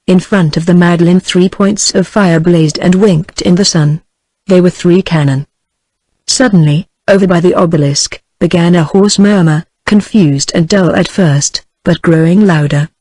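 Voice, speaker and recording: A text-to-speech woman's voice with a British English accent, reading a novel aloud as an audiobook narrator in an even, measured way. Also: fairly low pitch, dry recording, poor audio. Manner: even, evenly paced synthetic reading.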